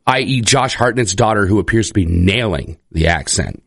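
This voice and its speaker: A man hosting a morning radio show in a studio, joking and chatting in quick bursts. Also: fairly low pitch, animated, vocal fry, slightly rough. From Prince Edward Island, Canada. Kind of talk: casual radio chat. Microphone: studio microphone.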